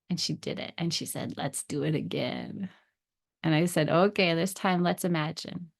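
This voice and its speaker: Woman telling a story on her podcast, soft and gentle, a bit of vocal fry. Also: on the low side, measured pace. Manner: gentle storytelling, voicing quoted dialogue. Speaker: podcast host. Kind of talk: scripted personal story narration.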